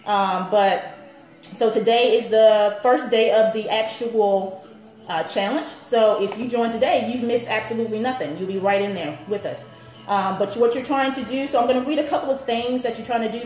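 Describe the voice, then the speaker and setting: A woman's voice: a little high, fairly quick, a little mellow, roomy sound, faint music behind, rough recording. A woman personal trainer in her thirties, chatting upbeat on a live stream to viewers and laughing often.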